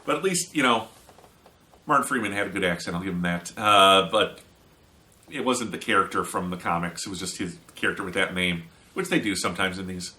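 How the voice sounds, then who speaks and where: A man's voice: low-pitched, brisk, pushed and bright. A man giving a casual, opinionated spoken movie review with an American accent and sarcastic asides.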